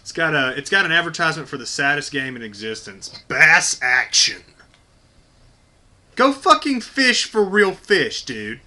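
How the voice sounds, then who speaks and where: A man's voice: on the high side, bright, forceful tone. A man hosting a casual unboxing video, talking bluntly and enthusiastically with plenty of swearing. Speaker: video host.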